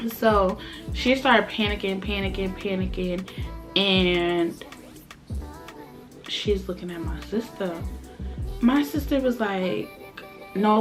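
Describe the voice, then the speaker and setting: A young woman tells a story to camera, acting out each quoted line. Her voice sits at an ordinary middle pitch, and faint music plays underneath. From Brooklyn, New York. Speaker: vlogger. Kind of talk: storytime chat.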